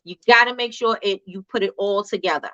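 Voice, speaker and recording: Bright-voiced woman hosting casual chat. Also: mid-range voice, fairly quick, lo-fi sound. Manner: conversational, repetitive, reads viewer comments aloud. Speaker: host. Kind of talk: casual livestream business chat.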